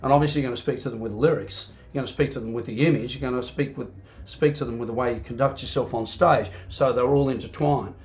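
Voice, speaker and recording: Animated Australian man telling stories. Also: mid-range voice, fast talker, few pauses. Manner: animated storyteller, frequent "you know" fillers. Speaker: singer and band frontman. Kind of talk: casual interview chat.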